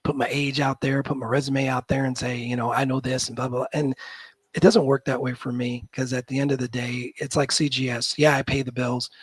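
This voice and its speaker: A man in his fifties from the Midwest talks as a guest in a loose, rambling way, circling back and restarting his sentences. His voice has a husky edge, recorded dry and close with no room sound. He pokes fun at himself as he tells his stories. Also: mid-range voice, little pitch movement, fairly quick, no room sound. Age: 50s. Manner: rambling, self-deprecating storyteller with many restarts. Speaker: guest, college football general manager. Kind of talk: casual interview chat.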